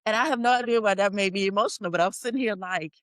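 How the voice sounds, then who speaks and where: A woman hosting a podcast, telling stories in a lively casual chat and acting out what people said. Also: medium pitch, very fast, no echo. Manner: animated storytelling, acts out quotes. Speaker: podcast host.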